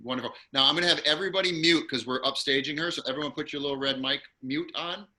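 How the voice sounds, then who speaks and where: Male acting-class host on a video call, very bright voice, encouraging, upbeat. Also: on the high side, fast.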